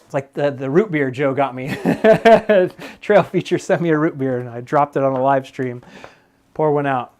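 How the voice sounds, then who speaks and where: A man's voice: mid-range voice, moderate pace, a little mellow. A man chatting casually on a live stream while he works on a mountain bike, rambling with lots of fillers and laughs.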